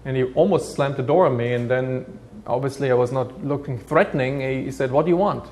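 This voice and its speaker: A man's voice: medium pitch, fairly even intonation, brisk, a little mellow, a little hiss or hum. Earnest German-accented man telling his story. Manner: earnest, reflective, with restarts. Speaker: guest recounting his life. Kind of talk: personal testimony.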